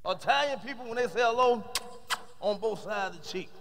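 High-voiced profane stand-up comedian. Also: male voice, fairly quick, vocal fry, background noise. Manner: punchy, heavily profane delivery. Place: stage with a live audience.

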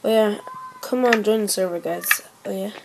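A young woman giving casual gameplay commentary as host of her gaming channel, rambling and repeating herself, with sudden excited shouts. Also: medium pitch, moderate pace, vocal fry, noisy background.

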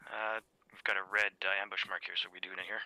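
A man's voice: low voice, level tone, fast, vocal fry, bright, forceful tone. A man in a tactical game's voice chat, mixing teasing banter with terse movement calls. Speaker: squad player. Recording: noisy voice chat.

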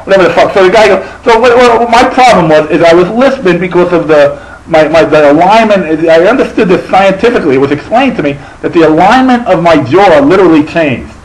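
A man's voice: high voice, lively intonation, a little fast, rough recording. A middle-aged man with a lisp, telling a profane, rambling stand-up story full of restarts. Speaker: stand-up comedian.

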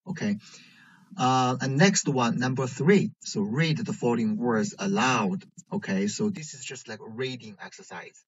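A man teaching a language lesson in English, pausing often with fillers. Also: mid-range voice, breathy edge. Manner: hesitant, many pauses and fillers. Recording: dull lo-fi recording.

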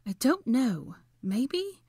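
A woman's voice: fairly high pitch, very animated, dark tone, slightly rough, no room sound, studio quality, pitched above the performer's own voice, heavily acted. Woman doing a fretful know-it-all young witch. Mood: lecturing. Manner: quick to lecture, fretful. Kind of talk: audiobook character voice.

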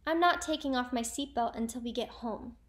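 A fearful young schoolboy in a storybook, groaning and panicking. His voice runs high and whiny. A woman plays him. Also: a little fast, lightly acted. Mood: anxious.

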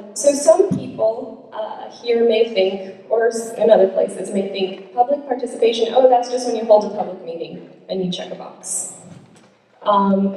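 Council lady talking to a room of locals, mellow voice, picked up from across an echoey hall. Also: medium pitch, a little hiss or hum. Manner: conversational, asks the audience questions. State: a little out of breath. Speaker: city council member. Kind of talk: public speech to constituents. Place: meeting room, audience present. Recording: echoey hall recorded from far off.

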